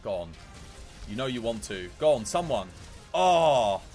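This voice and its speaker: A man's voice: on the low side, moderate pace, faint music behind. A young man chatting and laughing while live streaming a video game. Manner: animated, chatty, laughs often. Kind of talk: live gameplay streaming chat.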